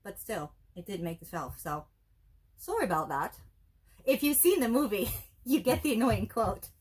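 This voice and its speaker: A woman's voice: medium pitch, big pitch swings, normal speed, darkish tone, husky. A woman co-hosting a casual movie review show, with wry, dry joking asides. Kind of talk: casual chat.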